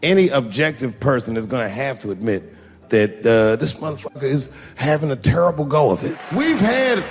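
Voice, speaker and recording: A male stand-up comedian telling profane stories with animated delivery, often breaking into shouts. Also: mid-range voice, moderate pace. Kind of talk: stand-up set. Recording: large venue with long reverb, faint noise.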